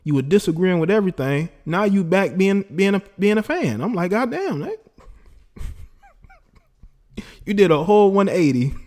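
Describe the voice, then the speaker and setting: A man's voice: high voice, moderate pace, darkish tone. A man hosting a casual call-in livestream, boastful and laughing as he talks to his chat and callers. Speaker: livestream host taking call-ins.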